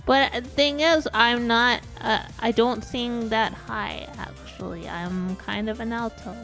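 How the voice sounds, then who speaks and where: A woman's voice: a little high, steady tone, slow pace, fairly bright tone. A woman streamer chatting casually while gaming, rambling and self-deprecating, often restarting her sentences. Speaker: VTuber streamer. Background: faint background music.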